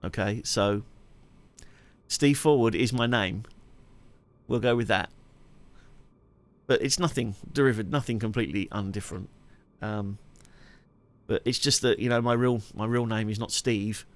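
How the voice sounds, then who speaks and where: A man's voice: on the low side, normal speed, pauses often. A man chatting on his live stream, rambling and laughing often. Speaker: streamer and musician. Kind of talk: casual live-stream chat.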